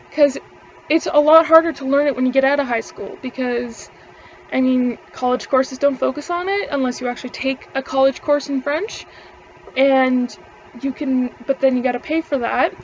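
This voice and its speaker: A woman's voice: high voice, moderate pace, lo-fi sound, a little hiss or hum. A young woman, ranting casually to camera, rambling, swearing freely and laughing between words. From Canada. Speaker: vlogger.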